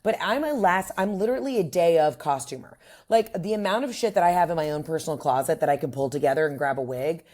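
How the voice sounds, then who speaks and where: A woman's voice: low-pitched, animated, fast, darkish tone. A woman comedian as a podcast guest, talking in a brash, crude, storytelling way. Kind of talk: casual chat.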